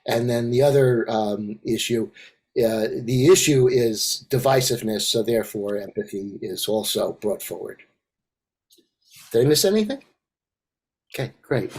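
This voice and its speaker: Older male facilitator, halting and filler-heavy, mid-pitched, video call. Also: animated, darkish tone, breathy edge. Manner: halting, many fillers and restarts. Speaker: circle facilitator. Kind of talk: casual online group discussion.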